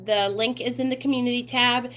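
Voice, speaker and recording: A woman's voice: fairly high pitch, fairly even intonation, brisk, fairly bright tone. A woman hosting a recovery channel, talking casually and encouragingly to her viewers with lots of fillers. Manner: chatty and encouraging, many fillers, calls viewers "you guys" and "y'all".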